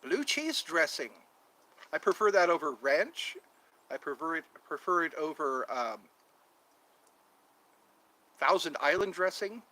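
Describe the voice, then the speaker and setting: A man with a lively, bright voice rambles through a casual outdoor livestream. He wanders from topic to topic, joking and drawing out his words at an unhurried pace. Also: fairly high pitch, poor audio. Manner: meandering, jokey, drawn-out words. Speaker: channel host.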